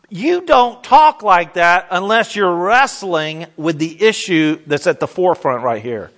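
A middle-aged man preaching a sermon as pastor, animated and repetitive, asking the audience questions. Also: sits high, unhurried.

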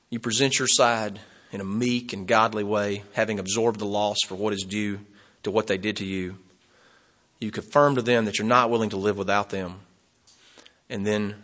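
Animated older male preacher, bright voice. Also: fairly low pitch. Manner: animated, folksy, chuckles often, acts out quoted dialogue. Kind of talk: sermon.

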